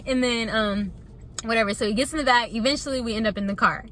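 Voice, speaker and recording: A young woman with a high-leaning, bright, forward voice tells a story to her camera. She talks in an animated, chatty way and keeps calling out to her viewers. A faint hiss sits under her voice. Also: fast talker. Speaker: vlogger. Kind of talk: casual storytime vlog.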